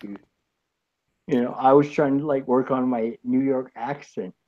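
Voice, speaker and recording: A man chatting casually in a group call, halting and loose, with many fillers and swearing. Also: mid-range voice, steady tone, muffled recording. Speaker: regular on a chat show.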